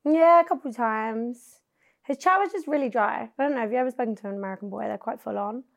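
A woman's voice: fairly high pitch, fast talker, vocal fry. A young woman from England with a British accent, telling casual stories as a podcast host, swearing freely. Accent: British English. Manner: chatty, swearing, storytelling with a teasing bluff. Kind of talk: casual chat.

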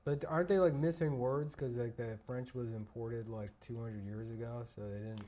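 A male co-host with a mid-range voice, talking quietly and hesitantly. His sentences tend to trail off in relaxed chat. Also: medium pitch, normal speed. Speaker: podcast co-host. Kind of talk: casual chat.

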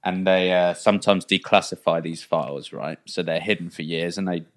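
A man's voice: low-pitched, steady tone, fairly quick. A young man co-hosting a podcast, swearing freely and acting out stories with put-on voices in casual banter. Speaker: podcast co-host.

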